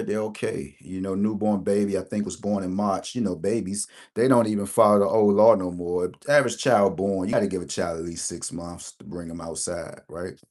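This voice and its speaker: A middle-aged lottery channel host tells his viewers a rambling personal anecdote, frequently asking "right?" along the way. His voice sits on the lower side with a somewhat dark tone.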